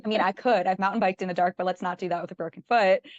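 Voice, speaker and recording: A woman's voice: mid-range voice, fairly even intonation, rapid-fire, a little mellow, no echo. A woman guest telling her own story in casual chat, acting out her thoughts with lots of "like". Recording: dull lo-fi dry sound.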